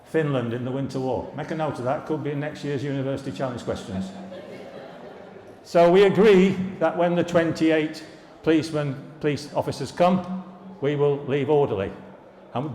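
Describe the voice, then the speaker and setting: Older man, fairly high voice, wry storytelling speech, echoing hall reverb. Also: a little mellow. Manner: storytelling, wry asides and jokes. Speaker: former students' union president giving an anniversary speech. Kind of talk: anecdotal speech to an alumni audience. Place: large hall at a live event. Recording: echoey hall, reverberant room.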